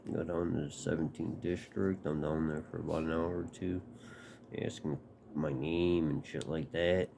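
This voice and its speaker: A man's voice: extremely low pitch, vocal fry, mellow, slight background noise. A man telling a personal story casually, swearing and acting out quotes.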